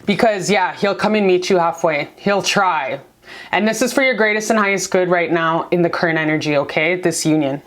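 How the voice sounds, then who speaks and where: A woman's voice: lowish voice, fairly quick. A woman hosting a casual online tarot reading, talking to her viewers in a gushing, affectionate, slangy and frank way. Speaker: tarot reader.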